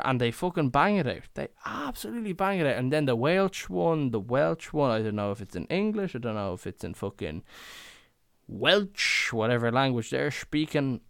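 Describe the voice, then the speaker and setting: Tipsy young Irish male podcast host, rambling and swearing, smooth lively voice, dry close sound. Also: mid-range voice, moderate pace, no room sound. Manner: rambling, swearing, chatty storytelling. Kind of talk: rambling casual monologue.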